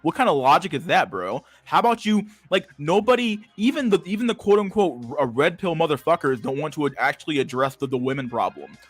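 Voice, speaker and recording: A young man hosting a livestream, ranting casually with heavy swearing and loud bursts of laughter. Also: a little high, very animated, fairly quick, hardly any pauses, husky, faint music behind. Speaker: livestream host.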